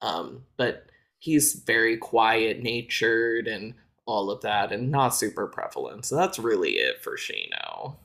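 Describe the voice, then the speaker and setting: A man's voice: on the low side, big pitch swings, unhurried, vocal fry, hardly any pauses, fairly bright tone. Laid-back man explaining at length. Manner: explanatory, filler-heavy with frequent "like". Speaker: podcast co-host. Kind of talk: casual chat.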